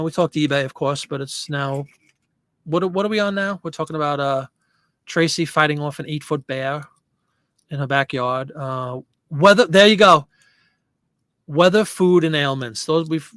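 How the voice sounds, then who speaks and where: Man, live stream host, fairly high voice, dry close sound, rambling casual chat. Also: a bit bright, dry recording. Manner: chatty, rambling, reading out viewer comments.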